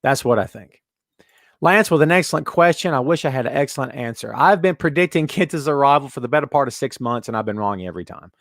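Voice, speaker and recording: A fast-talking man with a medium-pitched, lively voice hosts a wrestling podcast in a dry, studio-quality recording. He rants emphatically and repeats himself, then answers chat questions casually.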